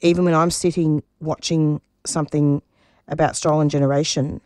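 A woman's voice: low voice, little pitch movement, moderate pace, a little mellow, dry recording. Brief: middle-aged woman guest, passionate and emphatic, dry close mic. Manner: earnest and emphatic, often restarting phrases. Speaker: radio producer and interview guest. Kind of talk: personal interview answers.

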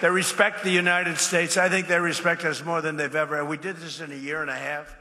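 A man's voice: on the high side, flat delivery, brisk, crowd noise. A man giving an off-the-cuff speech at a public event, repeating his points with emphasis and wandering into asides. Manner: repetitive, emphatic, rambling asides. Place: large event space. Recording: reverberant hall with faint ambience.

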